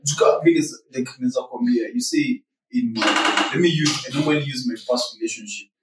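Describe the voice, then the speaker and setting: Young dude telling stories on a podcast, english and swahili mixed, a bit far off, echoey. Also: male voice, medium pitch, brisk, heavy background noise. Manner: relaxed storyteller, mixes English and Swahili slang. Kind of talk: casual chat. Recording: echoey room, far from the mic.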